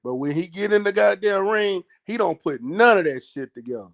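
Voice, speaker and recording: Guy on a boxing podcast, kinda high voice, loud and slangy, keeps repeating himself. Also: animated, normal speed, gravelly. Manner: emphatic, loud and repetitive, slangy. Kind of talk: heated casual chat.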